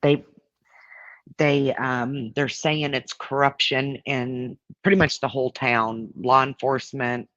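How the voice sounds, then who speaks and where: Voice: medium pitch, fairly even intonation, takes it slowly, fairly bright tone, no echo, muffled recording. A guest on a casual livestream, speaking in an earnest, conversational way.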